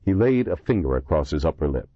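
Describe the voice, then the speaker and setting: A man narrating an audiobook in measured storytelling, voicing the characters himself. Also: extremely low pitch, very animated, dry recording, dull audio. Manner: measured storytelling with many voices. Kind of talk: scripted narration.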